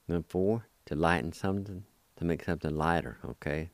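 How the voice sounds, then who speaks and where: A very deep, unhurried male voice, smooth and resonant. He drills words syllable by syllable with patient repetition. The recording is dry and close. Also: dry recording. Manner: patient, repeats syllables, apologetic corrections. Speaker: language teacher. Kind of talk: slow spelling and pronunciation drill.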